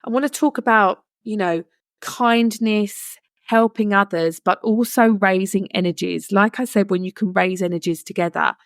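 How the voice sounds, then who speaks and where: A woman's voice: mid-range voice, moderate pace, no room sound, clean studio sound. A young adult woman hosting a podcast, telling a personal story in a chatty, earnest way with frequent "you know" asides. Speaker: podcast host. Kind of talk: casual storytelling monologue.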